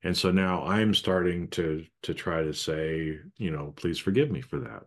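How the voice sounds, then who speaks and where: A man's voice: low-pitched, moderate pace. A man co-hosting a casual podcast, thinking aloud in a reflective way with many "you know"s. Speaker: podcast co-host.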